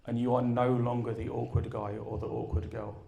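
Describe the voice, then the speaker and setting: A man speaking at a live event, telling a story and asking his audience questions in an energetic way, then taking questions. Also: medium pitch, fairly quick, vocal fry. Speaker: conference speaker. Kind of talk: live talk and Q and A.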